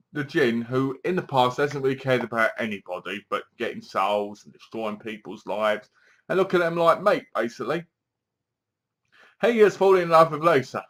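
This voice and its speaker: A man's voice: mid-range voice, a bit bright. A man giving a chatty, exasperated spoken film review, retelling scenes and quoting lines as he goes. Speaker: movie reviewer.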